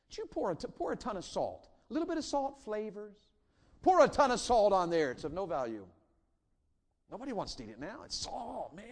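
A middle-aged man preaching a sermon in a church, swinging from loud emphatic lines to hushed intimate ones, with joking asides. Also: high voice. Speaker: revival preacher. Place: church sanctuary.

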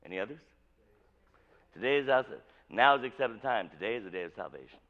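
A man's voice: medium pitch, lively intonation, quick pace, phone-quality sound. A male pastor preaching a sermon in a conversational, jokey way, with many restarts.

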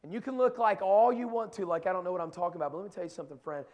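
A middle-aged man preaching a sermon to young people, moving from quiet storytelling to shouted exhortation. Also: high-pitched, animated, racing. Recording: long hall reverb.

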